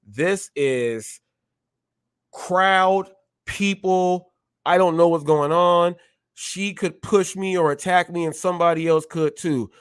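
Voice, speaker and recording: A man hosting a live stream, talking in an animated way, often repeating himself and acting out short exchanges. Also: high voice, takes it slowly, clear, resonant tone, dry recording, clean studio sound. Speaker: show host.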